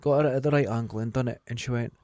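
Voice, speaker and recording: Scottish guy podcast chat, mid pitch, dry close mic, acts out the voices. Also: racing, no room sound. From Scotland. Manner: animated storyteller acting out quotes. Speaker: podcast host. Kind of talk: casual chat.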